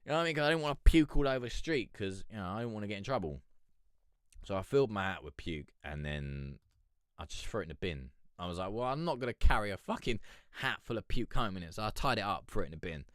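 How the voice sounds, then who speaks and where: A man's voice: lowish voice, expressive, quick pace, no room sound, clean studio sound. A young man hosting a casual live stream, telling a rambling story full of swearing and fillers. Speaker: livestream host.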